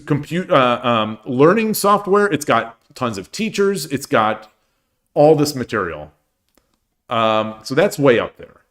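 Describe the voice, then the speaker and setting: A man's voice: medium pitch, fairly bright tone. A man in his forties, tired, chatting casually with viewers on his stream, rambling with many restarts and joking at his own expense. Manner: rambling, with frequent restarts and self-deprecating jokes. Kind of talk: casual chat while streaming games.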